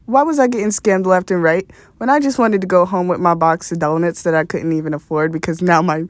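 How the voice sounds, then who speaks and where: A woman's voice: medium pitch, a little mellow, dry recording. A young woman hosting a podcast, telling a rambling story in a casual, profane way and laughing often. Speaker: podcast host.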